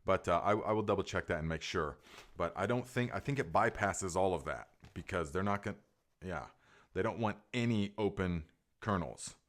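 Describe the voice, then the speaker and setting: A middle-aged man chats through a live gardening Q&A with a slightly low voice. He rambles with easy enthusiasm and trips over his own restarts and fillers. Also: lively intonation, moderate pace. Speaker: gardening podcast host. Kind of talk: casual live Q&A chat.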